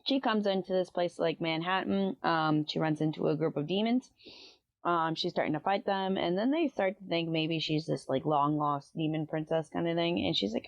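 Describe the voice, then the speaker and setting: A woman's voice: fairly low pitch, normal speed, no room sound, highs cut off. A woman hosting a casual book review, retelling the plot in a rambling way with lots of "um" and "like.". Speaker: book review podcast host.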